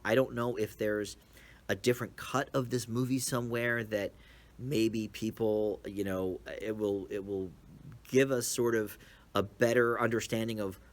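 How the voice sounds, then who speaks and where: A man's voice: mid-range voice, a bit bright. A man giving a casual, rambling movie review with many fillers and restarts, speaking from inside a small movie theater.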